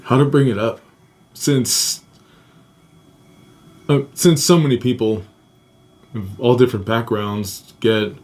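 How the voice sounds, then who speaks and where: A man's voice: medium pitch, slow pace, long pauses, darkish tone. A young adult man hosting a podcast, telling a personal story in a casual, profane way, laughing often and acting out quotes in a raised voice. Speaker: podcast host.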